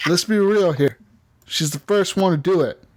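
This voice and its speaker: A man's voice: high voice, normal speed, darkish tone. Rambling podcast host, casual man. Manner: rambling, swears, laughs often. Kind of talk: casual gaming podcast chat.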